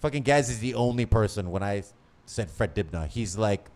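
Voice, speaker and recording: A man's voice: fairly low pitch, normal speed. A man co-hosting a podcast, swearing constantly and joking crudely in loose casual banter. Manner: swearing, animated, jokey, trails off and restarts. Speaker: podcast co-host.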